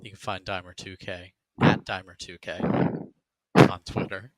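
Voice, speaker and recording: A man's voice: sits low, level tone, normal speed, fairly bright tone, dry recording. A young man hosting a casual podcast, easygoing and self-deprecating. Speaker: podcast host.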